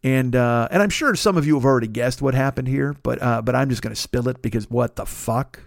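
A man in a middle pitch tells a personal story on his podcast, swearing freely and sounding fed up. The recording is dry and close, with no room around his voice. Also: a little fast, creaky, no echo. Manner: profane, exasperated storytelling. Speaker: podcast host. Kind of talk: casual storytelling monologue. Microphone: podcast microphone.

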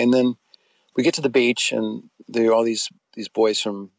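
A man's voice: mid-range voice, fairly even intonation, moderate pace, vocal fry, no echo. A middle-aged man being interviewed, telling a personal story in a rambling, conversational way with frequent restarts. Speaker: interview guest.

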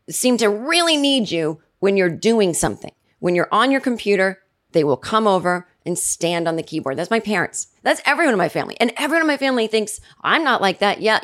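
A woman in her forties hosting a podcast, telling a rambling comedic story in a chatty way and mimicking her family with shrill yells. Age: 40s. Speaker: podcast host. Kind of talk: casual comedic monologue.

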